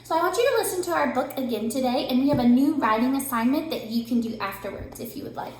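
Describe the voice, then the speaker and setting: A young woman teacher giving an online reading lesson to children, bright and encouraging. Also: sits high, expressive, fast talker, slight background noise. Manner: bright, encouraging, sing-song. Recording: very echoey room.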